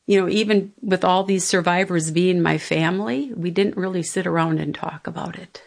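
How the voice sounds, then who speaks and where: A woman's voice: on the low side, normal speed, creaky. A middle-aged woman, telling a personal family story in a reflective, conversational way. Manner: reflective, conversational, quotes others' words. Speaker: interviewee.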